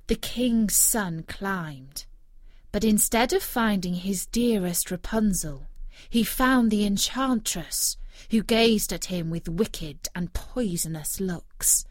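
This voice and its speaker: A woman reads a fairy tale aloud, slow and unhurried, with a lively voice that rises and falls. The sound is dry and close, with no room around it. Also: mid-range voice, no room sound. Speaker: storyteller.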